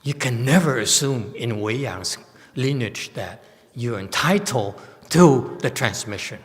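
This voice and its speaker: A man's voice: mid-range voice, expressive, unhurried. A man giving a Dharma talk to a meditation class in a temple hall, blunt, emphatic and self-mocking. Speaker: meditation teacher. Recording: long hall reverb.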